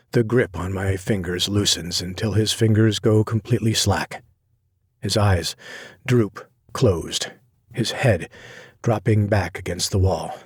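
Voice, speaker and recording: A man narrating a dark romance audiobook in the first person, intense and grave. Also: lowish voice, unhurried, breathy edge, dry recording, studio quality.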